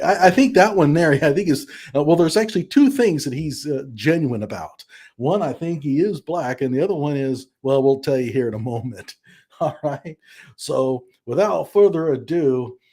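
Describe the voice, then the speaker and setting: A man's voice: fairly high pitch, lively intonation, normal speed, a little mellow, husky. A man hosting a live stream, chatting casually and mockingly, with frequent laughs and fillers.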